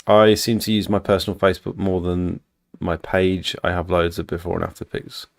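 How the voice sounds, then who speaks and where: A man with a very deep, gravelly voice chats bluntly on a late-night live stream. He sounds tired and matter-of-fact. The sound is dry and close, with no room echo. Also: level tone, normal speed. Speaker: channel host.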